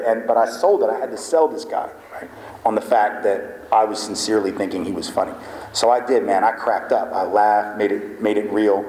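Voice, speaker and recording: A guest speaker, male, with a lowish and slightly mellow voice and a somewhat quick pace, gives a storytelling lecture to a live audience. He enacts dialogue lively and often checks in with "right?", all in a hall with long echoing reverb.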